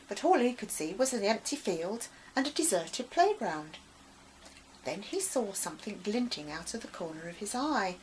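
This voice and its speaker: Brief: woman storyteller, expressive children's book reading, middle pitch. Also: a little hiss or hum, poor audio. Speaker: author reading her book.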